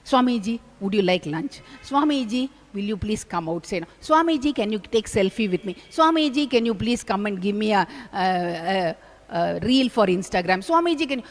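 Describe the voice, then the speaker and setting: A woman's voice: mid-range voice, expressive, moderate pace, natural voice. Woman doing insistent devotees, pleading, reverberant hall. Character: pestering devotees calling for the swami.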